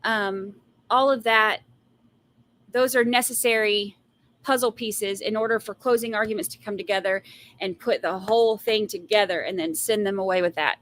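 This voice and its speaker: Young female livestream host, mid-pitched, sassy and blunt, exasperated rants at her viewers. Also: fairly bright tone. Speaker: trial commentary livestream host. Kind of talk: casual live commentary, reading viewer comments.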